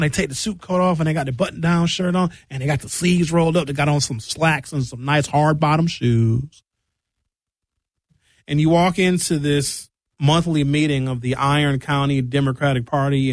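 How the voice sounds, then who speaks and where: A man from Milwaukee talks through a political story with lively, comic storytelling. He slips into voices and drags words out slowly for effect. His voice sits a little high and sounds close and dry. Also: dry recording. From Wisconsin, Milwaukee. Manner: animated storytelling, acts out voices, emphatic slowdowns. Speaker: political commentary host. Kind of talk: casual comedic commentary.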